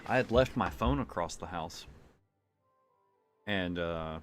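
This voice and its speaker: A man's voice: low-pitched, lively intonation, takes it slowly, fairly bright tone, soft background music. A man streaming a video game and chatting casually, rambling with fillers and laughs. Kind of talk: casual chat while playing.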